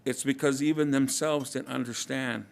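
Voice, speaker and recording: A man speaking at a conference in a reflective, halting way, often repeating words and using many fillers. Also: medium pitch, steady tone, gravelly. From Kumeyaay community, Southern California. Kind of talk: casual, reflective talk.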